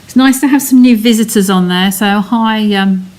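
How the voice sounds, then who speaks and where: A woman's voice: medium pitch, moderate pace, darkish tone. An English woman giving a live card-making demonstration, chatting casually and narrating each step while answering viewers' comments. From England. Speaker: craft demonstrator.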